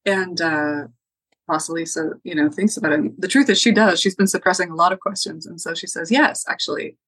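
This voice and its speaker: Podcast guest, woman, loose spoken storytelling full of fillers; lower voice. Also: brisk, husky, no echo, rough recording. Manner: relaxed, frequent ums and likes. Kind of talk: casual oral storytelling.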